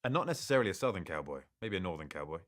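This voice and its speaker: Male actor, very low voice, easygoing live fan Q&A, reads questions out, restarts his thoughts. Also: very fast. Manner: reads questions aloud, relaxed and good-humored. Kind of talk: live social-media Q&A.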